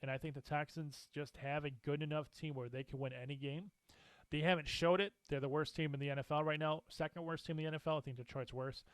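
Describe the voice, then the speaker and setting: A man co-hosting a casual sports talk show, animated and opinionated, laughing often as he makes his picks. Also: a little high, fast talker, clean tone, no room sound. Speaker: co-host.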